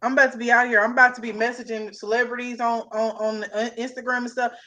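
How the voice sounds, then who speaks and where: A young adult woman co-hosting a casual chat, animated and stretching words out for emphasis. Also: a little high. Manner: animated, drawn-out emphatic hustle talk. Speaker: podcast co-host.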